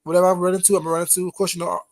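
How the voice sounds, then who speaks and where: Here a man with a high-pitched, level voice speaks very quickly to his chat. It's a casual late-night livestream where he gossips, teases, and laughs a lot.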